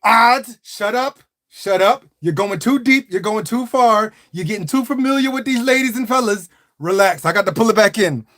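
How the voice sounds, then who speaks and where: High-voiced man ranting jokingly on stream. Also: normal speed. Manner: animated and jokey, talks straight to chat. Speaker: live streamer. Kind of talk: comic stream rant.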